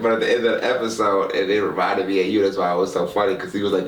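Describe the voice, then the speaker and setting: A man's voice: low-pitched, fairly even intonation, very fast, echoey room, far from the mic. A man co-hosting a casual podcast, joking and swearing freely. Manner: loose, joking, swears a lot. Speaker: podcast co-host.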